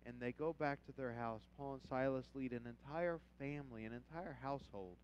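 A male pastor preaching a sermon with animated storytelling, swinging from quiet reading to loud shouts. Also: medium pitch, fairly quick, highs cut off, slight background noise. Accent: Southern Indiana.

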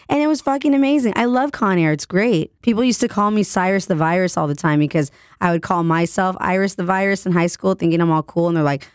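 A woman DJ hosting her podcast while sick, her voice hoarse and raspy, chatting playfully and joking about herself. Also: on the low side, expressive, fast, no echo, clean studio sound. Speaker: radio DJ and podcast host. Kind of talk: casual solo podcast chat.

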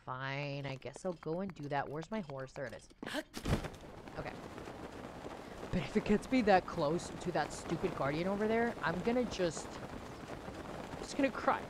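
Chatty young woman streaming a game, lively pitch. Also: normal speed, long pauses, noisy background. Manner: chatty, laughs often, talks to chat and her horse. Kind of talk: casual live-stream chat.

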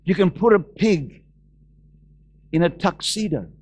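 An Australian man preaching from the pulpit in a church. He has a high-pitched voice and slows right down to stress and repeat Bible phrases. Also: lively intonation, darkish tone, breathy edge. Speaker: pastor. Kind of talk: sermon.

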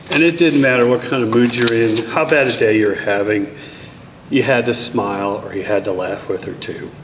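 A middle-aged man introducing his child at a ceremony, telling a family story and acting out the dialogue. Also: background noise. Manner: storytelling, acts out dialogue with raised pitch. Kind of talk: anecdotal speech at a ceremony. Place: large hall at a school event. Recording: echoey hall, mic from far off.

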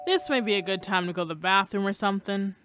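A woman's voice: medium pitch, quick pace, a bit bright, a little hiss or hum, close to an everyday voice. A woman playing a wry, dry-humored guest in a college radio comedy sketch.

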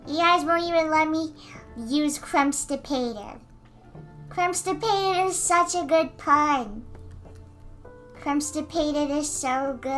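High, bright, giggly young woman streamer. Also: takes it slowly, faint music behind. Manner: giggly, bursts into excited squeals; responds to chat messages. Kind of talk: casual livestream chat while drawing.

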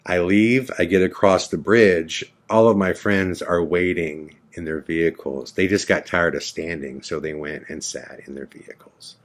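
A man hosting a podcast, telling a story from his own life in an animated way and acting out the voices of the people in it. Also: low-pitched, normal speed, hardly any pauses. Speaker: podcast host. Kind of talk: personal storytelling. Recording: podcast audio.

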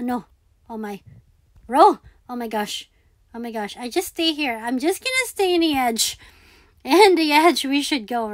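A gaming video creator with a high voice talks her way through a game at an unhurried pace, repeating her words and pleading with the game as she plays. It's live gameplay commentary, and her slightly bright voice sounds dry and close to the mic, with no echo.

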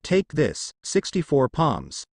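A man's voice: fairly high pitch, wildly swooping pitch, takes it slowly, gravelly, darkish tone, slightly rough, dry recording, studio quality, full character voice. A man voicing an arrogant young male fighter who brags and rants about his clan. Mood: boastful. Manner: bragging, ranting.

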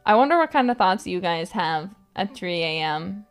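A woman's voice: on the low side, animated, moderate pace, hardly any pauses, clean tone, soft background music. A woman streamer rambling in casual late-night chat, giggling often and filling her talk with "like". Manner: rambling, giggly, filler-heavy "like".

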